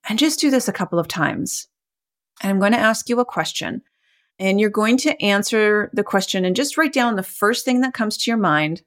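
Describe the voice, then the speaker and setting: A woman's voice: medium pitch, expressive, moderate pace. A middle-aged woman hosting a podcast, guiding listeners through a self-help exercise in an encouraging, conversational way and laughing often. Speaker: podcast host and coach.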